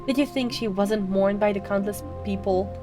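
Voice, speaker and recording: A woman's voice: medium pitch, moderate pace, over music, close to an everyday voice. A woman voicing a bitter, grieving sister in a video game, cutting and sarcastic. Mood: scornful.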